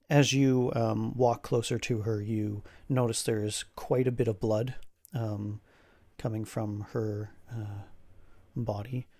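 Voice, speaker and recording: A man narrates a tabletop game as its game master, in a casual and halting way. His delivery is full of fillers and small restarts. His voice is gravelly, and it sounds close and dry. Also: fairly low pitch, steady tone, mellow, no room sound. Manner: casual, halting, many fillers, laughs often.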